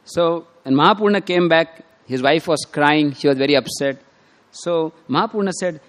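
A man's voice: on the high side, animated, moderate pace. A man preaching as he retells a devotional story, acting out quotes with small laughs. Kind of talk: sermon storytelling.

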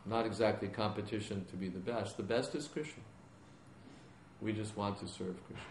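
Man in a q&a class, lowish voice, calm plain explaining, echoey room. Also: normal speed. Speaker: spiritual teacher answering questions. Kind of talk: question-and-answer class. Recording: echoey room with background noise.

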